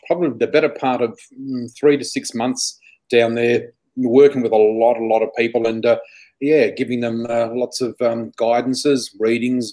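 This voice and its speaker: A man's voice: medium pitch, low-quality recording. Chatty man telling stories. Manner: animated, chatty, exclamatory storyteller. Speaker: psychic guest. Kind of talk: casual storytelling interview.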